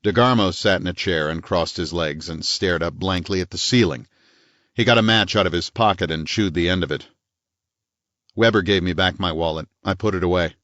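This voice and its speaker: A man reading a hardboiled detective novel in first person with a dry, clipped, deadpan delivery. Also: low-pitched, normal speed, no echo. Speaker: audiobook narrator. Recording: dull, dry studio audio.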